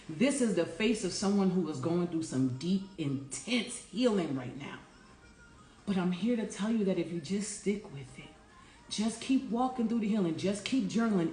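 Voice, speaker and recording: A woman's voice: medium pitch, a little mellow, reverberant. A woman life coach giving an earnest, preachy morning talk and calling her listeners y'all. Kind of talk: casual inspirational morning talk.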